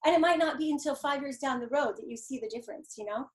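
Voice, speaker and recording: A woman's voice: sits high, fast. A woman guest artist talking through her painting classes in an earnest, encouraging way, acting out little quotes as she goes. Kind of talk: conversational interview.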